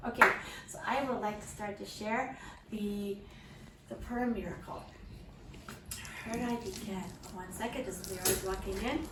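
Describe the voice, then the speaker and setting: A woman sharing a personal testimony with guests in a heartfelt, halting way, often pausing to pray aloud. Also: fairly high pitch, fairly even intonation, slight background noise. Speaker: mother sharing a testimony at a gathering. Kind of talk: emotional personal storytelling to a small audience. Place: room with guests present. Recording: distant mic in an echoey room with faint ambience.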